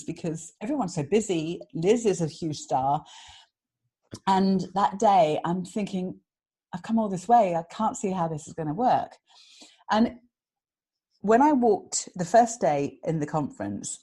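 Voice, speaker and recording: British woman, husky voice, lively pitch, animated storyteller, casual interview guest. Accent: British English. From England. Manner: animated, laughs often, acts out quotes. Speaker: guest, author and magician.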